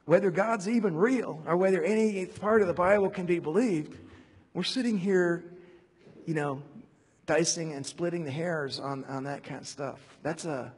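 A man preaching a conversational sermon, animated and digressive, with many fillers and restarts. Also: sits high, breathy edge, in a large hall. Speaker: preacher teaching a Bible study.

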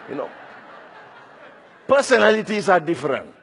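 A man's voice: high-pitched, big pitch swings, a little slow, vocal fry, a bit bright, long reverb tail, some chatter behind, a little hiss or hum. A man in his sixties preaching a sermon, earnest and personal, telling his own story between scripture quotes. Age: 60s.

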